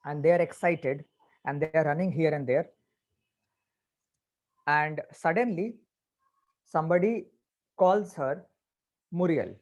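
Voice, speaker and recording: A man explaining a story to a class as their teacher, patiently and with pauses. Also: fairly high pitch. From India.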